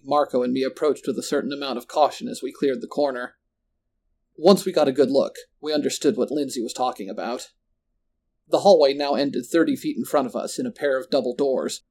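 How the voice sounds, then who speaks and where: Man, mid-pitched, measured first-person horror narration. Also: a little mellow.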